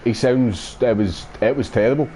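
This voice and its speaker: A man's voice: mid-range voice, normal speed, dark tone, slight background noise. A man with a Scottish accent hosting a gaming channel, chatting casually and rambling in sweary banter while he plays a racing game.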